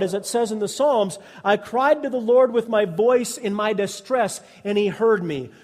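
High-voiced preaching man in a reverberant hall. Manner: emphatic preaching with repetition and audience prompts. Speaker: pastor. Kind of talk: sermon. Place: church sanctuary. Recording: long reverb of a large hall.

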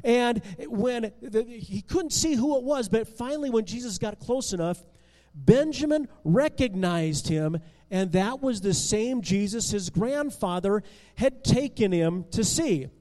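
High-voiced man telling a Bible story. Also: a little slow. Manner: animated, conversational, with repeated restarts. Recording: long hall reverb.

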